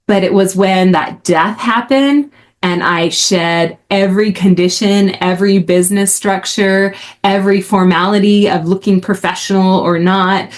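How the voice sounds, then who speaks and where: Woman, podcast host, candid storyteller, conversational with lively rises. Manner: chatty, frequent "like", rises in pitch when excited.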